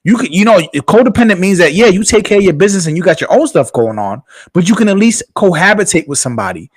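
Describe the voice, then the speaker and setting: A man's voice: high-pitched, very animated, fast talker, husky. A man co-hosting a podcast, talking in a casual, emphatic way and often repeating his words. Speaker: podcast co-host. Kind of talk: casual chat.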